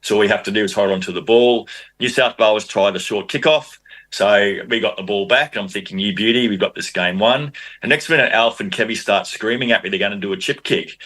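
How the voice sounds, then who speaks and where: An Australian man with a fairly low voice, talking casually as a podcast guest. He tells lively anecdotes in a loose, conversational way, often restarting his sentences. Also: a little fast. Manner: animated anecdotes, frequent restarts. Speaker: podcast guest, former rugby league player. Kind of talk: casual storytelling.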